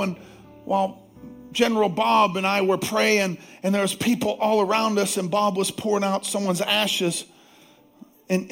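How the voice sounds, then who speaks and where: Man, pastor, sermon, calls for congregation responses, high voice, gravelly. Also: a bit bright. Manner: preaching with call-and-response to the congregation; slows down to stress scripture lines.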